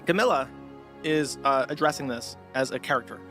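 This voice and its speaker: A man's voice: medium pitch, fairly quick, pushed and bright, faint music behind. A man hosting a livestream, giving blunt, mocking commentary on video clips. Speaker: streamer host.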